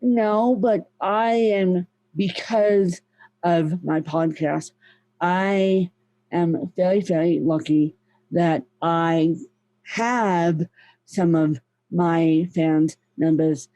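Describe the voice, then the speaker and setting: A woman's voice: on the low side, steady tone, extremely slow, dark tone, dry recording, low-quality recording. A woman guest, a podcast host and author, telling her story in a casual, emotional and repetitive way. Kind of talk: casual interview talk.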